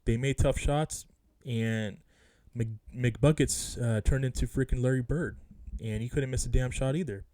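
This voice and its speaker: A man rants casually as a sports fan vlogger, frustrated and emphatic, circling back to the same points again and again. His voice sits in a mid register with a warm, darkish tone. The sound is close and dry. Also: mid-range voice, measured pace, no echo. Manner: frustrated, emphatic, repeats himself. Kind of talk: casual rant about a basketball game.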